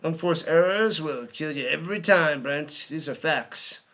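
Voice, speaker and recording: A man's voice: fairly high pitch, unhurried, a bit bright. A man giving live play-by-play commentary, chatty, humming and joking between plays and rising on big ones.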